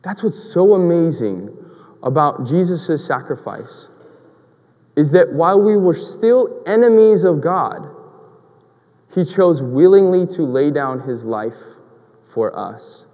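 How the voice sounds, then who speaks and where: A man's voice: a little high, lively intonation, slow pace, dark tone, in a large hall. A man preaching a sermon in a conversational, storytelling way, asking rhetorical questions.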